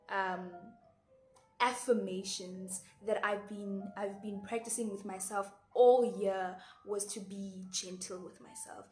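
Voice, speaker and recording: A young woman in her twenties with a Xhosa-tinged South African accent talks earnestly to her viewers, repeating herself as she gathers her thoughts. Her voice bounces around a roomy, echoing space. Soft music plays quietly underneath. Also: mid-range voice. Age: 20s. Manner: earnest, repeats words, switches into Xhosa phrases. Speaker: vlogger. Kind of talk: casual reflective advice to camera. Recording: echoey room with faint background music.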